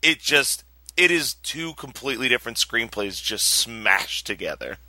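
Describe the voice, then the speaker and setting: A hoarse man hosting a casual movie chat, rambling and laughing often. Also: medium pitch, very animated, moderate pace, sharp tone, dry recording.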